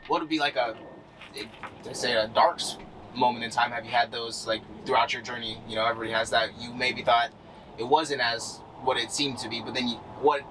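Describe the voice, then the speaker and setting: A man's voice: mid-range voice, steady tone, a little fast, fairly bright tone, recorded from a distance, rough recording. A man asking loose, casual interview questions, encouraging and easygoing. He sits a little away from the microphone, and faint noise runs under his voice. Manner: encouraging, laughs along.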